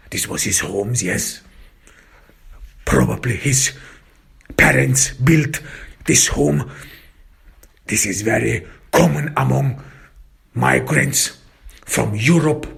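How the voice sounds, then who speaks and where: A man narrating a first-person detective story, slow, halting and reflective. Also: medium pitch, creaky, fairly bright tone, husky.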